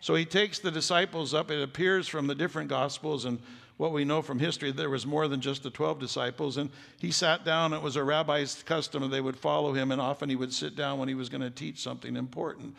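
An older man preaching a sermon as pastor, folksy and joking, building to loud emphatic stretches. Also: medium pitch, vocal fry. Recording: long hall reverb.

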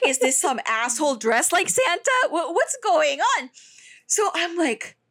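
Young woman telling a story on a podcast, high voice that swings all over, swears a lot, mixes in tagalog words. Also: unhurried. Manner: animated, swears freely, mixes in Tagalog phrases. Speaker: podcast co-host. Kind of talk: casual storytelling chat.

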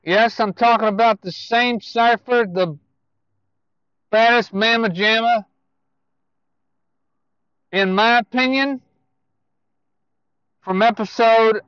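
A man giving casual movie news to viewers, speaking in a halting way with self-corrections and asides. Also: high-pitched, a bit bright, clean tone, dry recording, muffled recording.

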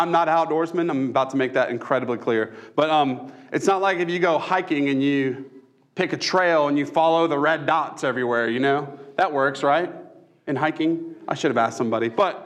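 A man's voice: fairly high pitch, fairly bright tone. A young man, preaching a casual sermon with self-deprecating humor. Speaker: pastor.

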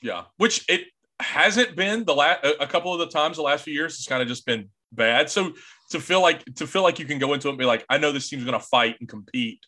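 A man's voice: on the high side, fairly quick, pushed and bright. A man hosting a podcast, talking casually with many restarts and a deferential tone. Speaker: podcast host.

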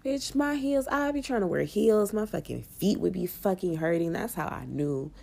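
A young woman talks straight to her viewers in a loose, profane vlog ramble. Her voice sits low and has a heavy gravelly fry, and she sounds hungover. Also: lively intonation, normal speed, dark tone. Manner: profane, chatty, laughing often. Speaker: vlogger. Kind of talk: casual vlog chat.

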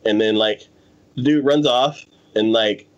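A man's voice: lowish voice, measured pace, dull audio. A man in casual chat, animatedly retelling an anime plot and acting out the characters' lines, with lots of fillers. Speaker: anime podcast co-host.

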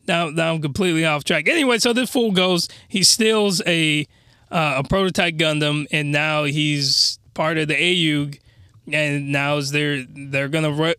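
A man giving a casual, slangy review monologue, animated and given to ranting. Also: a little high, clean tone, no echo, studio quality. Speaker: anime reviewer.

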